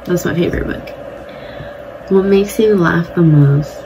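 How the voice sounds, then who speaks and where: A woman's voice: lowish voice, unhurried, dark tone, slight background noise, rough recording. Chatty, blunt young woman vlogger. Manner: chatty, blunt, swears casually. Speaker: beauty vlogger. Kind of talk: casual get-ready-with-me chat. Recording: music playing behind the voice. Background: music.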